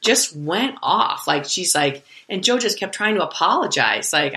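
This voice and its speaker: A middle-aged woman tells a story in casual chat, slipping in and out of the voices of the people she describes. Her voice sits on the low side but carries a bright, forceful edge. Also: unhurried, hardly any pauses. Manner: animated storyteller acting out quoted voices.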